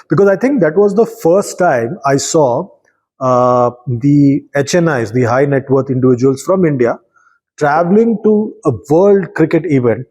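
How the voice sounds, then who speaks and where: Male interviewer, warm mellow tone, halting with fillers. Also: mid-range voice, rough recording. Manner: measured, hesitant with fillers. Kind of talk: conversational interview.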